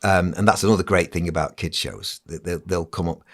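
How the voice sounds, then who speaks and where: Animated older man telling stories. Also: low-pitched, fairly quick. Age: 60s. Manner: animated storyteller who acts out other people's lines. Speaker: children's entertainer and magician, podcast guest. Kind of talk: casual anecdote telling on a podcast.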